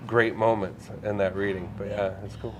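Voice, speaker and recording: A man, a psychic medium, telling stories in a relaxed podcast conversation, earnest and sometimes emotional. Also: lowish voice, moderate pace, a little hiss or hum. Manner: storytelling, earnest, gets emotional.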